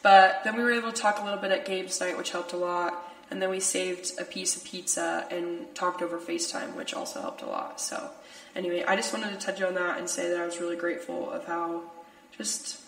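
A young woman hosts a podcast, chatting casually, laughing often and using lots of filler words. Her voice is on the low side, level, fairly quick and fairly bright, recorded in an echoey room far from the mic.

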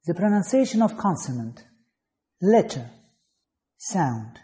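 A man's voice: high-pitched, sing-song, takes it slowly, mellow. A man from Azerbaijan, an English teacher reading letters and example words one at a time in an online phonetics lesson.

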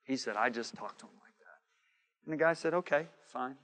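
A man preaching a sermon, telling a story with quoted dialogue and swinging from shouting to hushed asides. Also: medium pitch, brisk.

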